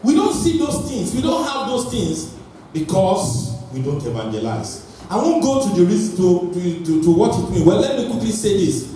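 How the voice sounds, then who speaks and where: A man preaching an energetic sermon and calling on his congregation to respond. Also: high-pitched, normal speed. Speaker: pastor. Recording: echoey hall, voice from far off, faint noise.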